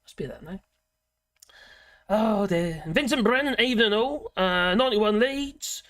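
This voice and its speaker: A livestream host, a woman, talking in a loose, rambling way full of restarts and laughs. Her pitch swings up and down a lot. The sound is dry and close. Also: animated, measured pace, fairly bright tone, dry recording. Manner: rambling, chatty, self-interrupting with frequent laughs. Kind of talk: casual live chat reading viewer comments.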